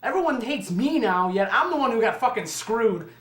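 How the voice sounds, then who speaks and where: A man in his twenties with a very high voice speaks at normal speed with few pauses, telling a casual, swear-heavy story and animatedly mimicking other people's lines. He's in an echoey room.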